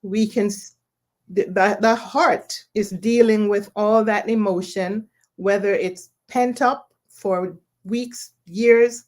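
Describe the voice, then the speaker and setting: A woman guest explaining grief in a measured way, often checking in with the listener. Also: medium pitch, steady tone. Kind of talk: explanatory conversation.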